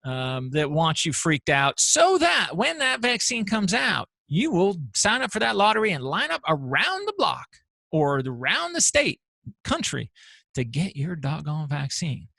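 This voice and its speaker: Gravelly, animated male commentator. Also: sits high, unhurried, no echo. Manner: animated, rambling with restarts. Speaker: show host. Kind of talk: opinionated solo commentary.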